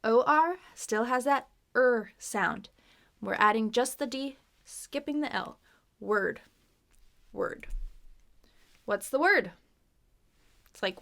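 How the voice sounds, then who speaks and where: American woman, English pronunciation teacher, slow and deliberate, gravelly edge, fairly high voice, playful asides. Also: fairly bright tone. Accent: General American. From United States. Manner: repeats words slowly, exaggerating mouth positions.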